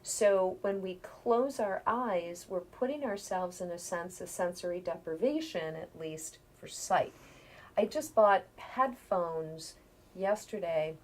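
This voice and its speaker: A middle-aged woman, a healer, explaining things calmly in a conversational interview, sometimes dropping to a near-whisper. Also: on the low side, takes it slowly.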